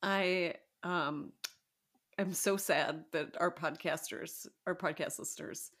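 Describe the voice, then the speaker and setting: A woman's voice: fairly low pitch, steady tone, slow, fairly bright tone, faint music behind. A woman co-hosting a podcast in casual chat, chatty and playful, laughing often. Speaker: podcast co-host.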